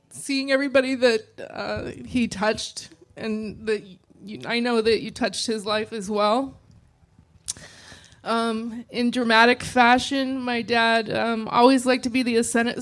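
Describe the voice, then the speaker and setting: A woman giving a eulogy for her father, speaking softly and hesitantly, close to tears. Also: fairly high pitch. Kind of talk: memorial speech.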